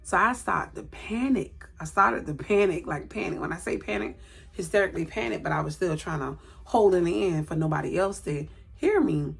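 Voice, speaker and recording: In a low-leaning, creaky voice with a breathy edge and lively intonation, a woman in her late thirties tells a personal story to the camera at a moderate pace. Filming indoors at home by a light, she repeats words for emphasis and plays out what others said.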